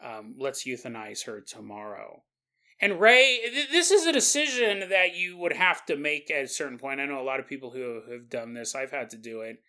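A man's voice: medium pitch, very animated, normal speed, sharp tone. A man hosting a podcast, telling a story in a casual, conversational way with asides to the listener. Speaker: podcast host.

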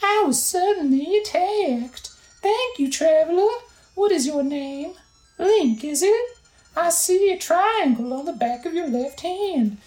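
Impa, a timid high nursemaid voiced by a woman. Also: animated, takes it slowly, a little mellow, reverberant, soft background music, full character voice, rough recording. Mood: frightened.

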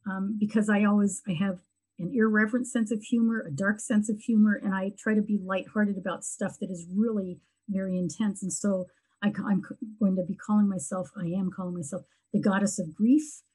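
A middle-aged woman talking earnestly and reflectively in a heartfelt conversation, often pausing and restarting. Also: mid-range voice, steady tone, darkish tone, slightly rough, low-quality recording. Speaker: guest sharing her grief story.

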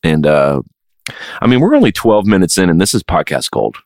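A very deep-voiced man co-hosting a podcast, spinning stories with wry, deadpan jokes. His low voice still swings widely in pitch, and it is recorded dry and close. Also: moderate pace, dry recording. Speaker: podcast co-host. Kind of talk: casual comedic chat.

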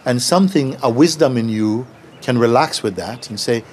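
A man teaching at a satsang, speaking gently and playfully and laughing as he tells a story. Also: medium pitch, moderate pace, a little hiss or hum. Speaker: spiritual teacher.

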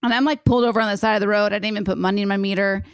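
A young woman telling a story in a rambling, animated way on a casual podcast, full of "like" and restarts. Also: mid-range voice, racing, smooth, dry recording, clean studio sound. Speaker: podcast co-host.

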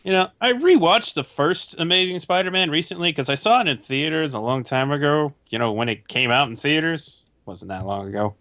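A man in a casual podcast chat, wry and quick to joke. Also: a little high, bright, forceful tone.

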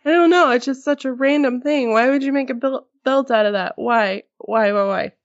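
A woman's voice: high voice, moderate pace, dull audio. A woman co-hosting a podcast in casual chat, telling stories animatedly and acting out quotes. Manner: animated storytelling, acts out quotes, gasps. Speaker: podcast co-host.

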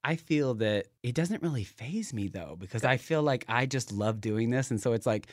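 A young man with a light East Tennessee accent, chatting on a podcast. His pitch swings widely as he talks, restarting his sentences and laughing easily. The recording is dry and close. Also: normal speed, no room sound. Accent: East Tennessee, toned down. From Knoxville, Tennessee. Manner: animated, laughs often, repeats words when starting. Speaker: podcast guest, YouTuber. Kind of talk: casual podcast chat.

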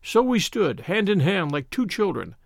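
A man narrating an old detective story in an expressive, dramatic way. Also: sits high, moderate pace, gravelly, dry recording, studio quality. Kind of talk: audiobook narration.

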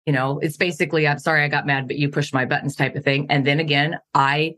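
A woman's voice: low-pitched, fairly even intonation, quick pace, hardly any pauses, fairly bright tone. A middle-aged woman from Montana telling her life story candidly as a podcast guest, earnest and laughing at painful memories.

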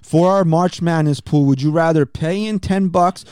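A man co-hosting a sports podcast in casual chat, asking questions and calmly reasoning things out. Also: fairly high pitch, normal speed, smooth, no room sound, clean studio sound. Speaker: podcast co-host.

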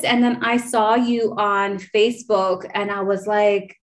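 A woman's voice: mid-range voice, steady tone, unhurried, hardly any pauses. A woman in her thirties hosting a podcast, telling a personal story in a chatty way, full of fillers and restarts. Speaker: podcast host.

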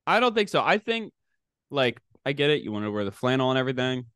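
Lively, laid-back podcast guy, dry sound. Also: medium pitch, quick pace, clear, resonant tone, dry recording. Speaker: podcast co-host. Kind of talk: casual sports podcast chat.

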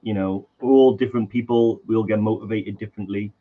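A man's voice: lowish voice, steady tone, fast talker, narrow, tinny audio. A man with a slight Welsh accent co-hosting a podcast in casual, joking, self-deprecating chat. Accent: semi-Welsh. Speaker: podcast co-host.

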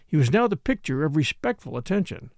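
A male audiobook narrator with a gravelly, fry-tinged voice, reading with expressive storytelling. His pitch sits a little high and moves a great deal, in a dry, close recording. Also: brisk, dry recording. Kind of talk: scripted narration.

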